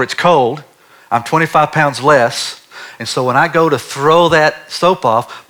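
A man preaching, telling a personal story in a lively, animated way. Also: fairly high pitch. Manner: animated storyteller, drops to a hushed voice for God's words. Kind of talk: sermon storytelling.

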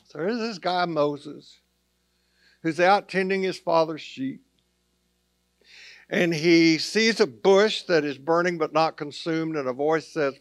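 Conversational male preacher, slightly high voice. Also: measured pace, no echo, studio quality. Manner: conversational preaching with plain asides. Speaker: pastor. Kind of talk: sermon.

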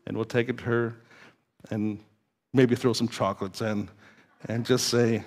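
A male pastor preaching a sermon to his church, moving between quiet reading and emphatic, lively exhortation. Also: mid-range voice, a little slow, long pauses. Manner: lively, swings from quiet to emphatic, with laughs and stumbles.

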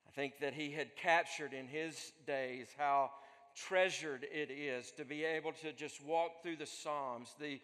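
A man preaching a sermon as pastor, speaking earnestly, building up and then dropping to a soft voice. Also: on the high side, fairly even intonation, a little slow. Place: church. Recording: long echo of a large hall.

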